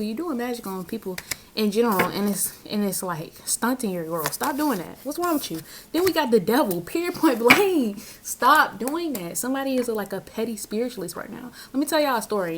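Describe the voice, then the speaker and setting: A woman's voice: fairly high pitch, background noise. A young woman, a tarot reader, talking casually and bluntly in a spiritual vlog, with slang and frequent laughs. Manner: blunt, slangy, laughs often between points.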